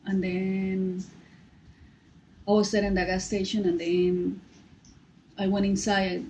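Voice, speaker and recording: A woman with a Colombian Spanish accent tells a personal story in broken English, stopping and restarting often. Her tone is mellow and soft. She talks casually as a podcast guest. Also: mid-range voice, dull audio, a little hiss or hum. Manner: animated retelling, halting broken English with many restarts.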